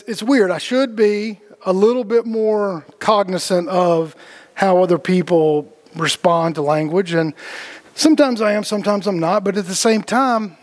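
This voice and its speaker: A man leading a casual spiritual group talk, rambling with lots of fillers and the odd swear word. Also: sits high. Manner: rambling, heavy on fillers and cussing.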